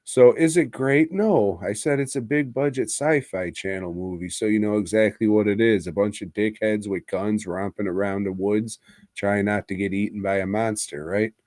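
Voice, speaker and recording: A man with a fairly low voice co-hosts a podcast, rambling through a movie review after a few drinks. He swears constantly and laughs partway through his own sentences. His voice sounds dry and close to the mic. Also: moderate pace, darkish tone, dry recording. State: drinking, tipsy. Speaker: podcast co-host. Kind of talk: casual profane movie review chat.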